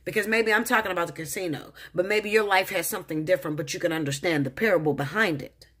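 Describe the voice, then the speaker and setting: A woman in a casual monologue, cursing freely and talking straight at her listener. Her voice is husky with a slightly breathy edge. She comes across blunt and animated, like a tarot reader telling a story from her own life. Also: fairly low pitch, fast talker. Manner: profane, blunt, animated, addresses viewer directly.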